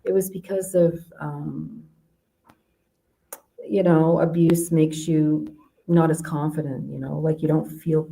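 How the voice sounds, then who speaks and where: Low-voiced, mellow woman guest from Canada. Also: steady tone, slow pace, gravelly, slight background noise, low-quality recording. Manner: rambling, many fillers and restarts. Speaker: guest, life coach. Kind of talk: casual interview chat.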